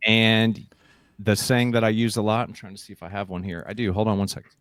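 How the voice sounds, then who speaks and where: A man's voice: fairly low pitch, steady tone, brisk, a bit bright, no echo, studio quality. A middle-aged man who is a guest on a podcast interview. He tells stories with energy and acts out the voices he quotes. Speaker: guest, keynote speaker and leadership coach.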